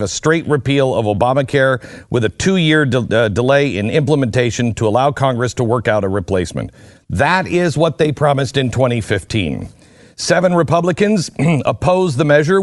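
A man's voice: medium pitch, dry recording, studio quality. A man hosting a talk radio show, delivering an impassioned, emphatic opinion monologue.

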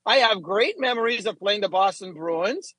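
High husky-voiced man telling stories. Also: moderate pace, poor audio. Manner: animated storyteller, acts out quotes. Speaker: radio co-host, former goalie. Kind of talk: casual sports talk, storytelling.

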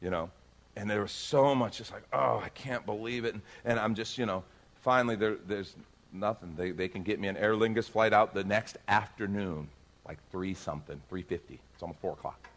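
Animated man preaching with a story. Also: lowish voice, brisk. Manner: animated, acts out dialogue in the story. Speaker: pastor. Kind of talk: sermon storytelling. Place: church.

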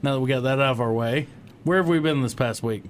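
A man's voice: medium pitch, quick pace, a little hiss or hum. Easygoing man co-hosting a radio show. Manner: easygoing, laughs along. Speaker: co-host. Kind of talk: casual radio show chat.

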